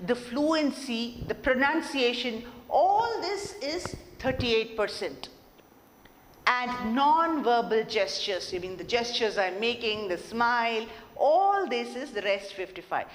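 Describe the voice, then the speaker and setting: A woman lecturing college students on speaking skills, her fairly high voice rising and falling a lot. She keeps asking the class questions and acts out different tones to show her point. The sound carries a long hall reverb. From India. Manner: lively, asks the class questions and demonstrates tone changes. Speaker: communication skills trainer.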